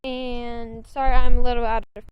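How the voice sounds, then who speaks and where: A woman's voice: a little high, little pitch movement, normal speed, very noisy. A woman in her thirties hosting a farm vlog, talking outdoors in a chatty, plain-spoken way while she explains the day's chores. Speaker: farm vlogger, host. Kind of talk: casual vlog narration.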